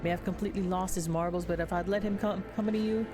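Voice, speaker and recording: A woman's voice: on the low side, fairly even intonation, rapid-fire, natural voice. A woman playing a Southern-drawling army sergeant. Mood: earnest. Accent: put-on American Southern. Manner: earnest, deferential, plain-spoken. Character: gruff loyal male sergeant, tired soldier. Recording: game music behind.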